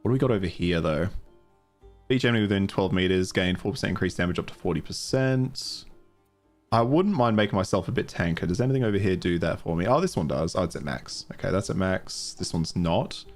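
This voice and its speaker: A man's voice: low-pitched, lively intonation, a little fast, faint music behind. A man with a mild Australian accent streaming a video game, chatting casually, thinking aloud and laughing easily. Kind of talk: casual live-stream commentary.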